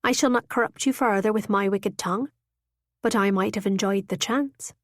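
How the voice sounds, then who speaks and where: A woman voicing a frank, tender young working woman who speaks in a sleepy, husky, breathy voice. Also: medium pitch, normal speed, no room sound, clean studio sound, close to an everyday voice.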